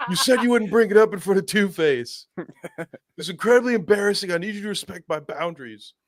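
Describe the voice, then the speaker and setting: A man's voice: high voice, lively intonation, brisk, voice pushed up. A man voicing an embarrassed young male sidekick who complains petulantly. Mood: whiny.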